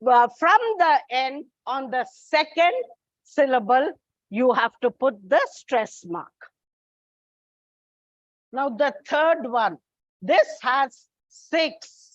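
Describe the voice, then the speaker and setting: Woman English tutor, high voice, dry dull recording, slow and deliberate drilling. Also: lively intonation, dry recording. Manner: slow, deliberate, spells out word endings and repeats words. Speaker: English teacher. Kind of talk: classroom lesson on word stress.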